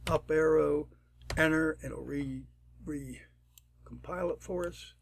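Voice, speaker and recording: Slow, gravelly man explaining software. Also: on the high side, fairly even intonation, no room sound. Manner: unhurried, thinking aloud with fillers and throat clearing. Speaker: tutorial presenter. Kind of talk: screen-recorded programming tutorial.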